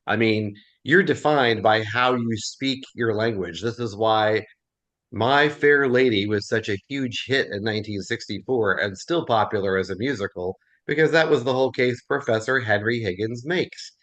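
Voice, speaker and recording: A man's voice: lowish voice, moderate pace. A man with a Southern US accent leading a casual class discussion, telling stories and laughing often. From American South. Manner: animated storyteller, laughs often. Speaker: Bible class teacher.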